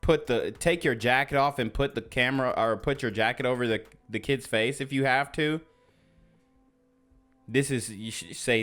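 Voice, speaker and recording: A man's voice: medium pitch, moderate pace, fairly bright tone, soft background music. A man hosting a casual reaction commentary, blunt and slangy as he talks over news clips. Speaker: commentary channel host.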